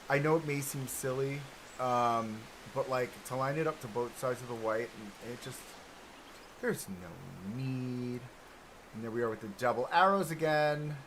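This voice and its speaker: A man's voice: medium pitch, background noise. A man chatting casually on a live game stream, laughing often and explaining what he builds as he goes. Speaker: streamer building a theme park.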